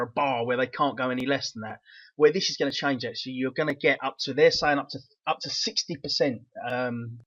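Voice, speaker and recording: A man's voice: medium pitch, pushed and bright, no echo. A man with a Cockney accent and a rattly voice, hosting a casual vlog with an enthusiastic, rambling manner. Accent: London Cockney. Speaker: crypto channel host. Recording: dull, lo-fi dry sound.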